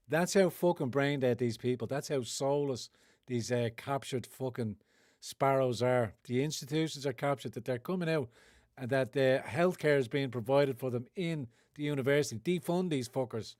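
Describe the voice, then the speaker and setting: A man's voice: medium pitch, normal speed, darkish tone, no room sound, clean studio sound. A man with an Irish accent hosting a livestream, ranting with heavy sarcasm and frequent swearing. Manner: sarcastic, profane, rambling. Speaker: livestream host.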